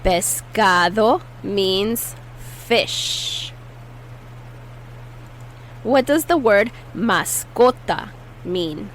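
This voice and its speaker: A woman teaching Spanish vocabulary in a patient way, saying each word slowly and repeating it for learners. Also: medium pitch, expressive, a little hiss or hum, poor audio. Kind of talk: slow, clear language lesson.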